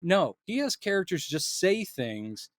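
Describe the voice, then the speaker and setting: A man co-hosting a casual film discussion podcast, animated and quick to act out lines he quotes, laughing often. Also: high-pitched, no echo. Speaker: podcast co-host.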